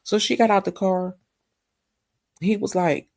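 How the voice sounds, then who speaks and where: A woman giving a casual, gossipy recap of a TV episode, animated and talking straight to her viewers. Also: medium pitch, measured pace, vocal fry, no room sound, studio quality. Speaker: TV recap vlogger.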